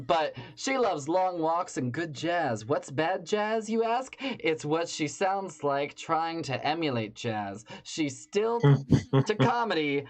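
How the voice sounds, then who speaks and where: Low-voiced, lively woman comedy emcee. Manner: self-deprecating, rambling, cheering. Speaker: open mic host. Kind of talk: stand-up emcee introduction.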